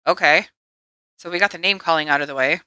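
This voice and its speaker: A woman's voice: low-pitched, fast, bright, forceful tone, clear, resonant tone, no room sound. A woman co-hosting a podcast in casual chat, giggly and teasing, sometimes tripping over her words. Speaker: podcast co-host.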